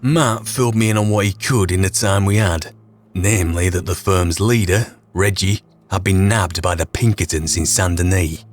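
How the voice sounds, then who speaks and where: A man's voice: low-pitched, normal speed. A man narrating a recap in a plain, matter-of-fact way.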